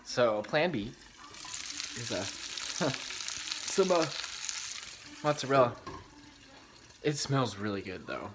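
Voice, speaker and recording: A young male vlogger with a medium-pitched voice chats casually while cooking in his home kitchen, taking it slowly and pausing often. He's excitable and rambling, swears a lot, and fills his talk with "like," all over a frying sizzle and background noise.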